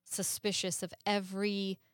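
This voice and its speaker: A woman's voice: medium pitch, monotone, a little slow, no echo, clean studio sound. A woman co-hosting a podcast, explaining things earnestly in casual chat, laughing often and cursing now and then. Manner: curses casually.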